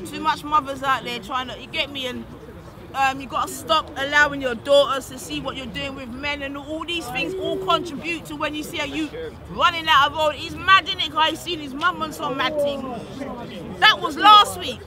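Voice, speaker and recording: A man addresses a street gathering in loose slang, tagging his points with questions to the listeners. His voice runs high. Crowd chatter fills the open air. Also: steady tone, normal speed. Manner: street slang, rhetorical tags. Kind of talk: casual speech to a crowd. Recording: crowd noise outdoors.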